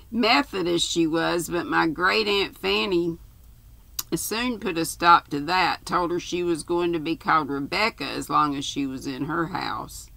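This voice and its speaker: Older woman storyteller, deliberate pace, dry close sound. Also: deep voice, vocal fry, sharp tone, dry recording, rough recording. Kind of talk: reading a novel aloud.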